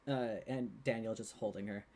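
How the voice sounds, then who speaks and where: A man's voice: lowish voice, steady tone, moderate pace, warm tone. A man narrating a tabletop game as game master, rambling with many "um"s and "like"s.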